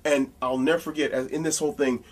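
A man as an interview guest, telling casual anecdotes in an animated, blunt way with some profanity. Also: fairly high pitch, quick pace, recorded from a distance.

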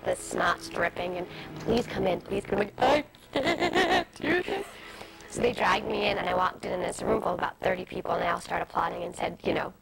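A woman in her twenties telling stories as an interview guest, fast and animated, with many asides. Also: on the low side, vocal fry. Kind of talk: candid storytelling interview. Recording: noisy early-2000s TV broadcast audio.

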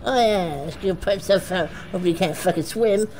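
A woman host giving foul-mouthed, excitable let's play commentary, shouting insults at the game. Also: on the low side, fairly quick, noisy background. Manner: excitable, frequent panicked outbursts. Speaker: gaming channel host.

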